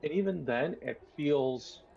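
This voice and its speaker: A man narrates a tabletop game as its game master, taking his time over each description. His voice is gravelly and a little husky, and his delivery is slow and deliberate. The recording sounds dull and lo-fi. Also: a little high, expressive, a little mellow. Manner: unhurried, descriptive, many fillers.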